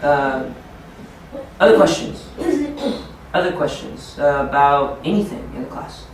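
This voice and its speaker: A man giving an ESL teacher-training session, speaking deliberately in simple phrases for learners. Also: a little high. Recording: echoey room from far off, faint noise.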